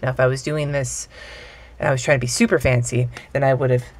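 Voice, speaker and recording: A woman's voice: a bass voice, little pitch movement, fast talker. A young adult woman teaching hand lettering in a casual, offhand, self-deprecating way while she draws. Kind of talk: casual tutorial talk while drawing.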